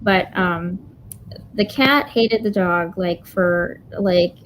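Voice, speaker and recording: A woman working as an animal medium who chats as a guest, telling animated stories and breaking into exclamations. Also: lowish voice, slow pace, a little hiss or hum, low-quality recording. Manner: animated, exclamatory, acts out quoted voices. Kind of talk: casual conversation, storytelling.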